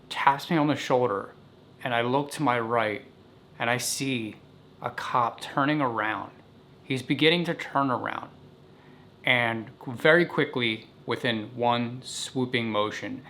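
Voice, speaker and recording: A man casually recounting a childhood story in an animated, vivid way. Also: mid-range voice, a little hiss or hum.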